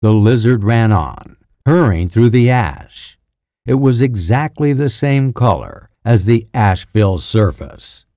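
A man narrating an audiobook in a slow, measured way, his low voice mellow and full of expressive rise and fall. The sound is close and dry, with no room around it. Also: dry recording.

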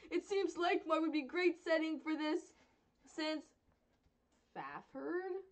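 A woman's voice: extremely high pitch, takes it slowly. A woman co-hosting a casual tabletop-game podcast, reading out listener questions. She giggles often and stumbles over words.

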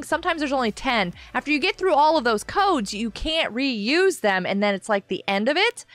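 A woman's voice: sits high, fairly bright tone, no echo. A woman game streamer chatting casually on a live stream and greeting viewers by name. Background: faint background music.

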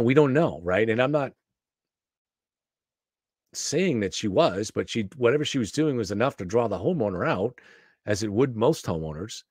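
A man's voice: mid-range voice, a little mellow, no room sound, clean studio sound. A man hosting a commentary show, reacting to a clip with skeptical questions. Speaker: commentary host.

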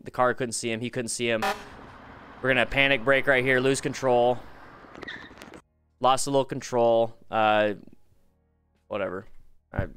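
Male live-stream host, mid pitch, smooth resonant tone, chatty advice-giver. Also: fairly bright tone. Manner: chatty, reads viewer questions and gives riding advice; upbeat, hypes the chat for likes. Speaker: live-stream host reviewing motorcycle videos. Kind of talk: casual live-stream commentary.

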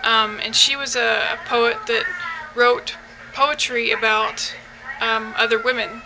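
A woman's voice: fairly high pitch, fairly even intonation, slow, music in the background, low-quality recording. A young woman from the United States giving a casual video response, hesitant, with many ums and restarts. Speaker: vlogger.

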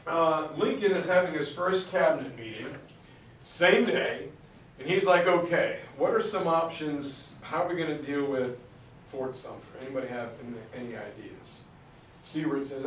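A man's voice: mid-range voice, moderate pace, a little hiss or hum. A man giving a storytelling history lecture, acting out the quotes with shifting voices. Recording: roomy far-off mic recording.

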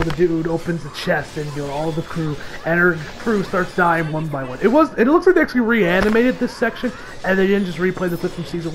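Excitable high-voiced man recapping anime. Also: rough recording. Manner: excitable, swears freely, laughs often. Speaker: anime reviewer. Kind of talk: casual episode recap.

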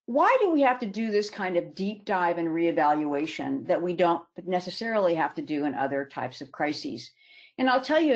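A woman consultant presenting a webinar, explaining in an emphatic way and slowing down to stress key words. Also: mid-range voice. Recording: dull lo-fi webinar audio.

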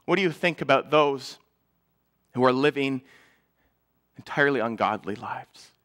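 A man, a pastor, preaching a sermon in a church, earnest, building up louder and then falling to a hush. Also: medium pitch, unhurried.

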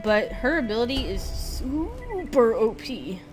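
A woman's voice: a little high, huge pitch swings, takes it slowly. A woman with a slight lisp giving casual, rambling commentary while playing a video game. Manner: chatty, rambling, self-deprecating. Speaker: let's play gamer. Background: game music.

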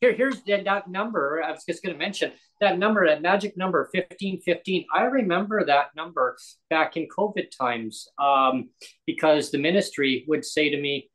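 A man's voice: a little high, moderate pace, fairly bright tone, rough recording. A man from Canada hosting a podcast, telling a story in casual chat and quoting people as he goes. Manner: anecdotal, quotes officials in dialogue. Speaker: podcast host.

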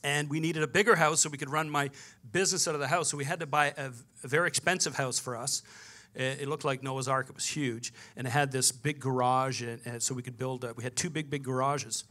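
A man's voice: mid-range voice, fairly even intonation, a little fast, sharp tone. A man, preaching a sermon and telling a personal story with quoted dialogue. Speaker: pastor.

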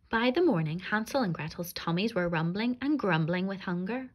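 A woman, a primary school teacher, reading a rhyming fairy tale aloud to young children in an expressive, sing-song way. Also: mid-range voice, normal speed, hardly any pauses.

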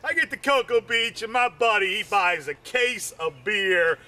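A man telling loose, rambling stand-up jokes, adding "man" to nearly every line and breaking into shouts on the punchlines. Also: sits high, expressive, normal speed. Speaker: amateur comedian.

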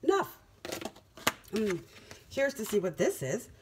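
A woman's voice: medium pitch, animated, normal speed, slight background noise. Emphatic woman giving a tarot reading. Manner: emphatic, repeats phrases for effect. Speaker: tarot reader. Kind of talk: casual spiritual tarot reading.

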